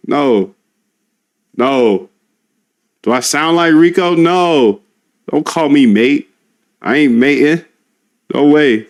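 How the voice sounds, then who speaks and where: A man's voice: fairly high pitch, slow, long pauses. A man casually talking through live coding, chatty and slangy, coaching his coding assistant as he goes. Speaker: trading bot developer and streamer.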